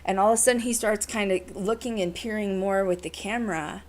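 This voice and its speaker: A woman's voice: mid-range voice, fairly quick. Chatty woman podcast host telling a story. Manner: animated storyteller, heavy use of "like" and "you know". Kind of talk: casual chat, storytelling.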